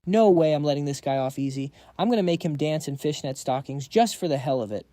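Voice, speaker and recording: A man's voice: fairly high pitch, expressive, a little fast, warm tone, no echo, lightly acted. A man voicing a loyal, clownish chubby young man in a comic recap.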